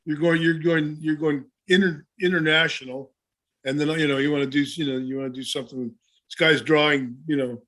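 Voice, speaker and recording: Brisk and fairly bright, his voice sits a little high with fairly even intonation. The seventy-something ex-wrestler co-hosts a podcast, wandering through casual stories, restarting often and leaning on "you know".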